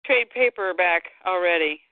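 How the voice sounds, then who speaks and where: A woman's voice: on the low side, normal speed, no room sound. A woman co-hosting a casual comics podcast, chatting and handing topics over to her co-host. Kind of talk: casual comic book chat. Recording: dry tinny phone-like sound.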